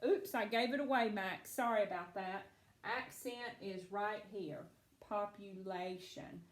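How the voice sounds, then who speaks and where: A woman teacher leading a phonics lesson, patient and encouraging, slowing down to sound out words for young students. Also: mid-range voice, echoey room.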